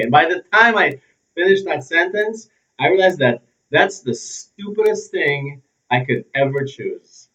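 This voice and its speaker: A man hosting a motivational self-help video, talking straight to his viewers in an animated way, losing his thread now and then and swinging between loud and quiet. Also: a little high, moderate pace. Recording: slightly distant, dull sound.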